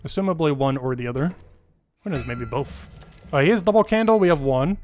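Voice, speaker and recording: A man streaming a card game, thinking aloud about his moves and slowly reading out game text with many fillers. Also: fairly high pitch, lively intonation, darkish tone, faint music behind. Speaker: gaming streamer. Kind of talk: casual live-stream commentary.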